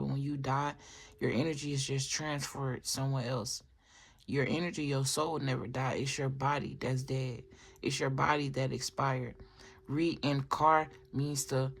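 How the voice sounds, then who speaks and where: A tarot reader giving a casual spoken reading, rambling with restarts and filler asides, and talking straight to viewers. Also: mid-range voice. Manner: chatty, addresses viewers directly.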